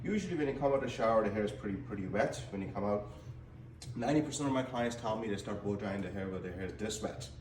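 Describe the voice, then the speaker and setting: A man's voice: on the low side, animated, quick pace, a little mellow, a little hiss or hum. Man giving a hair-drying tutorial. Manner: instructive, repeats words often. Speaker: hair stylist. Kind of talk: casual how-to demonstration. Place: hair salon. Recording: echoey salon room, faint ambience.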